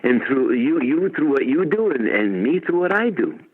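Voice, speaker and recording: Man, 70s, from Chicago, musician guest, playful storyteller, very animated, tinny phone line. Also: mid-range voice, moderate pace. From Chicago, USA. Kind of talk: phone interview. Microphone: telephone.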